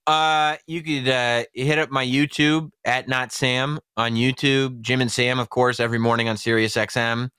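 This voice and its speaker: A man's voice: medium pitch, level tone, normal speed, few pauses, pushed and bright, smooth, no room sound, clean studio sound. A young adult man as a podcast guest in casual chat, telling self-deprecating stories and laughing often.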